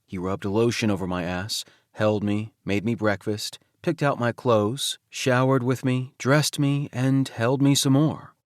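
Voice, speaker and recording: A man narrating a romance audiobook in first person, intimate and soft-spoken. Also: medium pitch, fairly even intonation, a little slow, few pauses, dry recording, studio quality.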